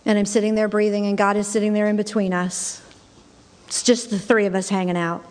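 A woman's voice: mid-range voice, flat delivery, fairly quick, a little mellow. A middle-aged woman giving a spoken personal testimony, telling her story and repeating phrases for emphasis. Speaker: speaker sharing personal testimony. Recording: long hall reverb.

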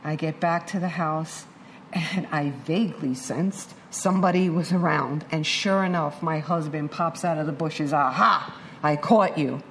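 A middle-aged woman recounts her recovery to an audience in an open, animated personal testimony, acting out each quoted voice. Her voice sits low and unhurried, and there's slight background noise.

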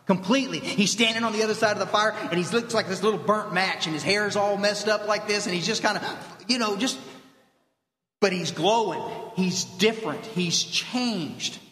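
A man giving a blunt, animated motivational talk to an audience at a recovery fellowship meeting in a meeting hall. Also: sits high. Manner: animated storytelling, blunt, direct address. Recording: echoey hall reverb.

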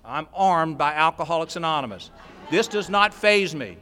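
Speaking at a moderate pace, a man tells the audience a personal story during a recovery convention workshop. The large hall gives his voice a long reverb, and his animated delivery rises close to shouting before sinking into quiet, low remarks.

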